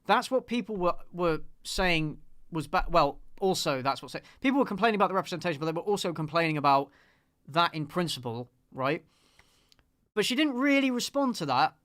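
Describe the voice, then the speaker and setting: A man's voice: fairly high pitch, animated, a little fast, a bit bright, no echo, studio quality. A man hosting a casual live commentary on a film review, sarcastic and ranting with plenty of swearing and laughter. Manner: laughs often.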